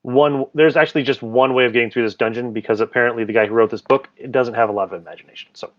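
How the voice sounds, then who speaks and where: A man's voice: medium pitch, steady tone, quick pace, muffled recording. A man running a tabletop game as dungeon master, narrating loosely with jokes and restarts. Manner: casual, joking, loose narration.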